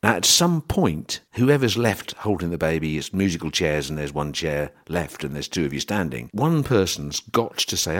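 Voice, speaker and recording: A man's voice: low-pitched, big pitch swings, moderate pace, few pauses. A middle-aged man, hosting a podcast and casually explaining grain trading, with wry asides and quoted voices. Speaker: podcast host.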